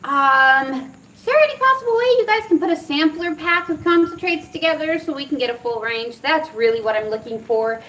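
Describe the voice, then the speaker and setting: Middle-aged woman from Arizona, animated casual vlogger; higher pitch, slightly distant mic. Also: brisk, slight background noise. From Arizona, USA. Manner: animated, laughs often while telling stories. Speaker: cannabis review vlogger. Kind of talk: casual storytelling and product review.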